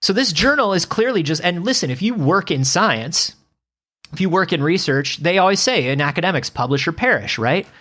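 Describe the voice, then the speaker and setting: A man's voice: high voice, animated, a little fast, pushed and bright. A man co-hosting a podcast in casual comedic chat, sarcastic and swearing casually. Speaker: podcast co-host.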